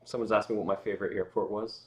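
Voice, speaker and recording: Scottish male guest, low-pitched and quick, loose rambling chat full of "like" and restarts. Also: level tone. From Scotland. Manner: rambling storyteller with frequent fillers and restarts. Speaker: guest musician. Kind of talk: casual livestream chat.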